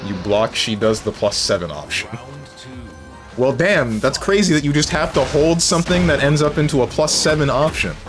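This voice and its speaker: A man's voice: medium pitch, animated, moderate pace. A man streaming a fighting game, giving casual commentary with frustrated outbursts and sudden exclamations. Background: fighting game music.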